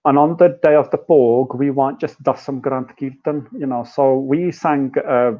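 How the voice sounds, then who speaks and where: A man's voice: medium pitch, unhurried, dull audio. A British man, a guest musician and academic, explaining ideas in a casual chat and dropping in Punjabi phrases, with a frequent "right?" and "you know". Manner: animated storyteller, mixes in Punjabi phrases, says "right?" and "you know" often.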